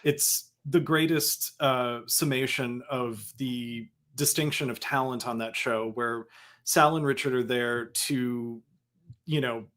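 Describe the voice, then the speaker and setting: Podcast co-host, male, mid-pitched, wry commentary, casual chat. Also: steady tone, fairly bright tone. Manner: agreeable, quick to laugh, wry commentary.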